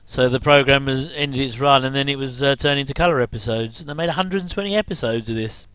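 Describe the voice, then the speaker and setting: Middle-aged man, casual watch-along commentator, smooth and close-miked. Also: medium pitch, fast talker, fairly bright tone, no echo. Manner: chatty, jokey asides with chuckles. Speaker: commentary host.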